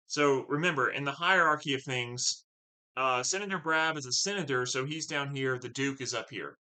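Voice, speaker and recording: Bright-voiced man explaining Shakespeare. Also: mid-range voice, rough recording. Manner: casual, enthusiastic, many fillers and "right?". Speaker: teacher. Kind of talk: reading and explaining a play line by line.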